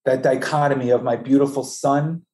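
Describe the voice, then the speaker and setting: Male, mellow and dark-toned, bereaved father in an interview, halting and emotional delivery. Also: medium pitch, fairly even intonation. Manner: halting, emotional, many restarts. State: voice breaking, high and strained with grief. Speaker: bereaved father telling his story. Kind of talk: personal storytelling interview.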